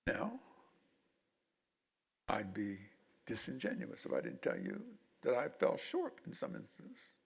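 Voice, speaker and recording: Gravelly animated man in his eighties. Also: fairly low pitch, a little slow, long pauses. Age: 80s. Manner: animated storyteller, voices quotes loudly. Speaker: guest speaker. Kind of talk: storytelling in a panel talk.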